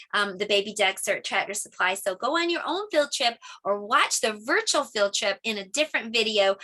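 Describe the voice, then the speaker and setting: A middle-aged woman teaching a preschool lesson in a gentle, sing-song voice. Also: mid-range voice.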